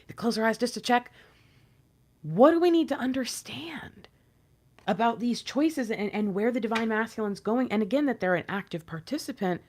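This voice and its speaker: A woman giving an intuitive tarot reading, animated and playful, sometimes dropping into whispers. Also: on the high side, moderate pace. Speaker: tarot reader.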